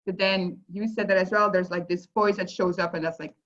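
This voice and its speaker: A woman's voice: fairly low pitch, a little fast, a bit bright. A woman sharing her personal feelings casually, talking with lots of fillers like "like" and "you know". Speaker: guest sharing her experience. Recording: dull lo-fi audio.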